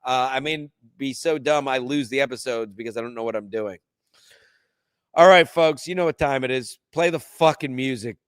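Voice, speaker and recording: A man's voice: mid-range voice, moderate pace, clean tone, no echo. A young man hosting a sports podcast, brash and profane, rambling through his picks in casual talk.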